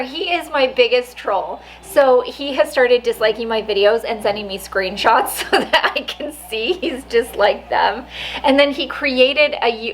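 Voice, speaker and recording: A woman's voice: on the high side, a little hiss or hum, rough recording. A woman vlogger telling a story in a chatty way, laughing often and saying "like" a lot. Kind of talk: casual storytelling vlog.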